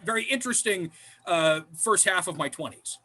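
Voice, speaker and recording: High, bright-voiced comic storyteller man. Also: normal speed. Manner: lively, acts out other people's lines. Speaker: improv troupe member telling stories.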